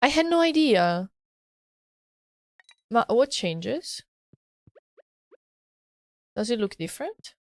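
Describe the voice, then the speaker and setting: A woman's voice: on the high side, big pitch swings, slow pace, pauses often, no room sound. Playful Italian-accented woman streamer. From Italy. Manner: playful, laughs often, chats with viewers. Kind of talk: casual live-stream chat.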